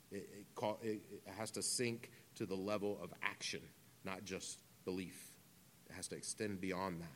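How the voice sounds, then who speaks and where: A man in his thirties preaching a conversational sermon, with humorous asides and casual phrasing. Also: on the low side. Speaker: pastor.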